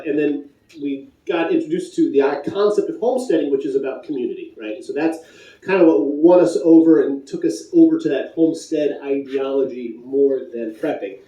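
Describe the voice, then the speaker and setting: A man's voice: on the high side, warm tone, far from the mic. Joking man speaking in an echoey hall. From Michigan, USA. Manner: punning, playful, chatty with the crowd. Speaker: conference speaker. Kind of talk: joking live talk to an audience. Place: conference hall.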